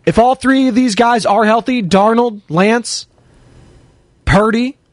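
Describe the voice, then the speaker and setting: High-voiced chatty sports show host, man. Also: takes it slowly, dry recording, studio quality. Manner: chatty, jokey, shouts out listeners. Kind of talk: casual sports radio chat, taking calls and chat.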